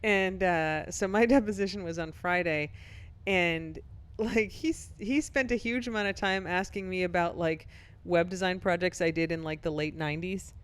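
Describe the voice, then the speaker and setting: A middle-aged woman co-hosting a podcast, telling a long story briskly and laughing now and then. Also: on the low side, smooth. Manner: brisk anecdotal telling, laughs while talking. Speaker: podcast co-host; professor and author. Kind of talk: casual chat, storytelling.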